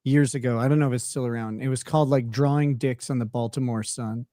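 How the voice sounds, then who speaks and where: A man's voice: medium pitch, fairly even intonation, fast, warm tone, dry recording, studio quality. A man hosting a podcast, telling crude joking stories in casual chat over a streaming setup. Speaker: podcast host. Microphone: streaming call setup.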